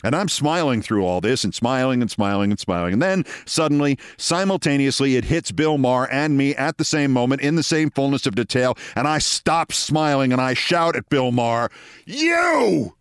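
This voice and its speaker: A man in his sixties hosting a show, telling a story in a measured, dramatic way with wry asides. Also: medium pitch, smooth, dry recording, clean studio sound. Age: 60s. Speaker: host. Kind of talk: storytelling monologue.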